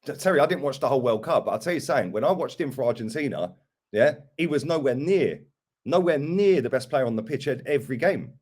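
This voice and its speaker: A man's voice: medium pitch, animated, quick pace, darkish tone. A young man ranting about football transfers in casual chat, mocking other fans. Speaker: football fan pundit.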